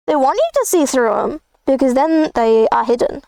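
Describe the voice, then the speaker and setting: Woman streamer, playful rambler, high-pitched, dry close recording. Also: expressive, normal speed, gravelly, darkish tone, dry recording. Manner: rambling, playful, jokey asides. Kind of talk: casual livestream chat while drawing.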